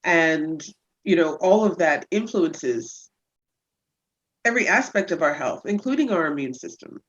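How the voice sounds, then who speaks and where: A woman chiropractor talking about her patients as a guest on a casual podcast interview, telling stories with lively energy. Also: measured pace, lo-fi sound. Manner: lively storyteller who acts out patients in high voices.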